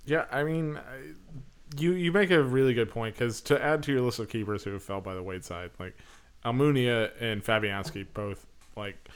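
A man co-hosting a casual football podcast, measured and explaining points at length. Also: mid-range voice, clear, resonant tone. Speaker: podcast co-host. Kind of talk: casual chat.

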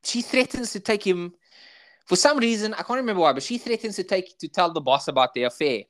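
A man's voice: sits high, animated, brisk. A man with a South African accent, co-hosting a podcast, rambling through episode recaps in casual chat full of filler words. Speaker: podcast co-host.

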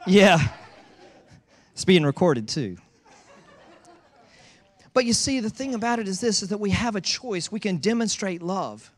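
A man's voice: very high-pitched, no echo. A man preaching a sermon in a church, telling stories with playful teasing. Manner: animated storytelling with playful teasing. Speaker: pastor.

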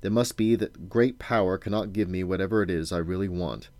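Man reading a gloomy old king, slow and low, dry close sound. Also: a little mellow, no room sound. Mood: brooding. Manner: slow, brooding and dissatisfied.

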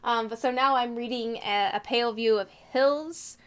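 Young woman, casual co-host chat, bright and clear-toned, a touch high. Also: normal speed. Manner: chatty, animated, lots of fillers.

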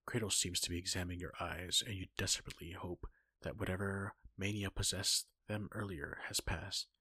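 Low gravelly guy reading a story, husky and breathy, bright tone, dry close sound. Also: steady tone, moderate pace, dry recording. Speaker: fan-fiction reader. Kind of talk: second-person story reading.

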